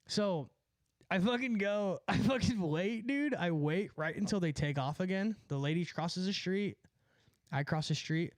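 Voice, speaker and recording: A man's voice: sits high, animated, measured pace, no echo. Profane, rambling young man telling a story. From California. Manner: profane, rambling, laughs at own stories. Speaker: streamer. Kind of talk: casual storytelling chat.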